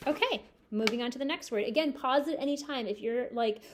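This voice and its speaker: Woman teacher spelling words out slowly. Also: a little high, a little hiss or hum. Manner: slow, clear spelling-out with call-and-repeat prompts. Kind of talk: recorded spelling lesson for children.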